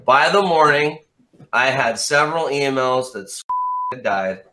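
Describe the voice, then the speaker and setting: A man as an interview guest in casual chat, telling a story in an animated way and swearing freely. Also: medium pitch, a little slow, background noise.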